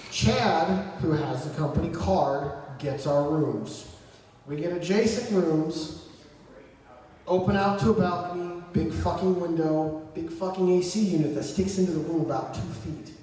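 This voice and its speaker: A man's voice: a little high, measured pace. A young man telling a profane, comedic story at a convention panel, swearing constantly and putting on voices for his friends. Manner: heavy swearing, animated voices for quoted friends. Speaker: audience storyteller. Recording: echoey hall, distant mic.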